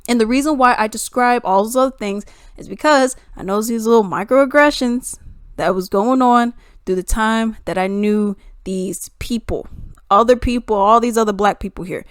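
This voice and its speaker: A woman's voice: on the high side, no room sound, clean studio sound. A young adult woman vlogging an opinionated monologue, emphatic and full of rhetorical questions.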